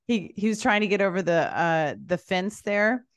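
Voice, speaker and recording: A woman's voice: mid-range voice, moderate pace. A woman hosting an interview show, talking in a chatty, playful way and laughing often. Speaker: podcast host. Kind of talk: casual interview chat.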